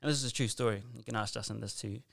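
Man, slightly low voice, dry close mic, casual rambling storytelling, earnest. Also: rapid-fire, vocal fry, fairly bright tone, dry recording. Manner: rambling, earnest, full of asides and restarts. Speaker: guest telling a personal story.

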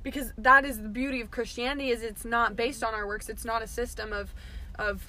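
Young female co-host, bubbly, rambling, slightly higher voice, casual chat. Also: steady tone, brisk, pushed and bright. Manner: bubbly, rambling, lots of fillers. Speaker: podcast co-host.

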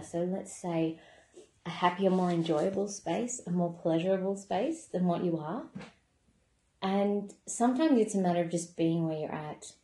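A woman wellness coach giving a calm, gentle self-help talk in a conversational way. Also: fairly low pitch. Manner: calm, gentle, conversational, with many "you know" asides. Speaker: wellness coach running a membership program. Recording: echoey room.

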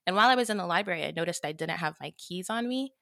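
A woman hosting a podcast, telling a story in an animated, chatty way with casual swearing and plenty of "like". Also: lowish voice, rapid-fire, vocal fry, no room sound, clean studio sound. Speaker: podcast host.

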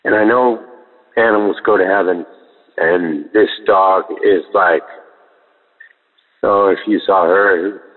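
A man phoning in a prayer request, holding back tears and speaking haltingly. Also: deep voice, fairly even intonation. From San Francisco Bay Area, USA. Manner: halting, hesitant. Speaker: caller. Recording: tinny phone line with long reverb.

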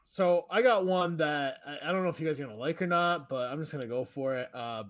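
A man's voice: fairly high pitch, brisk. A young man co-hosting a sports podcast, blunt and swearing in casual chat. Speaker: podcast co-host.

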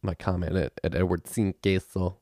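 A man with a very low voice that barely rises or falls reads sponsor spots in a loose, offhand manner, stopping to spell out web addresses. The sound is dry and close, with no room around it. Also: flat delivery, normal speed, dark tone, no room sound. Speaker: podcast host reading sponsor ads. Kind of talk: casual ad read.

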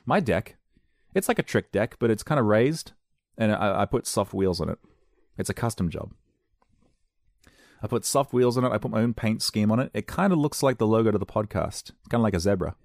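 Man, low gravelly voice, dry close sound, rambling jokey podcast chat. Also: lively intonation, brisk, darkish tone, dry recording. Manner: jokey, self-deprecating, slips into silly voices. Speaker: podcast host. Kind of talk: casual rambling monologue.

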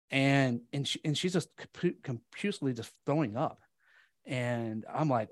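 A man's voice: medium pitch, no room sound. Candid man telling a hard story. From United States. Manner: halting, many fillers and restarts, swears. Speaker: podcast guest telling his story.

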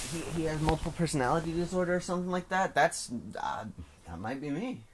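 A teenage man hosting a solo podcast from home, rambling and self-mocking, his voice swinging between loud bursts and mumbles. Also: fairly high pitch. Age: teens. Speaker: podcast host. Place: at home indoors.

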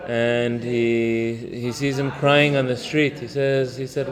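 Male teacher for a casual religious class, mid-pitched, storytelling, with listeners audible in the room. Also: completely flat delivery, a crowd in the background. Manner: conversational, mixes Hebrew terms, halting fillers. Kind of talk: informal religious lesson with storytelling.

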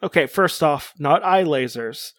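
A man's voice: on the high side, expressive, measured pace, fairly bright tone, no echo, studio quality. A man co-hosting a casual podcast chat, reading out a character profile with joking asides. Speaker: podcast co-host.

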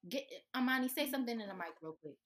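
A woman's voice: on the high side, animated, racing, a bit bright. A woman hosting a podcast in casual chat, playful and joking as she reads out notes and teases her co-hosts. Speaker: podcast host.

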